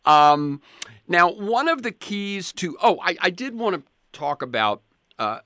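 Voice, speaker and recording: An older man in his seventies hosts a conversational interview, his voice bright and forward. He rambles through personal stories, doubling back and restarting his sentences often. The sound is close and dry, with no room around it. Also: sits high, sing-song, unhurried, no echo. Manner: rambling storyteller, frequent restarts. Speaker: podcast host.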